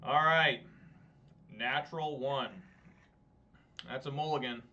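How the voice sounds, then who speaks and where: A man's voice: fairly high pitch, a little slow, long pauses, bright, forceful tone. A married man streaming a card game, rambling and self-deprecating in casual gameplay commentary. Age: adult, married. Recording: dull lo-fi mic.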